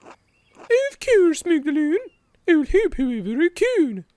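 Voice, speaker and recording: A man voicing a gentle, sly elderly nun in a high falsetto while reading game dialogue. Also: big pitch swings, takes it slowly, exaggerated voice.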